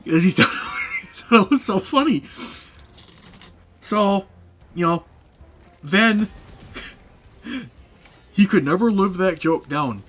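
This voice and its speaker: A man's voice: high-pitched, expressive, slow pace, pauses often, a bit bright. A young man casually telling funny stories from his past, rambling with fillers and laughing often. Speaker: podcast host. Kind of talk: casual storytelling chat.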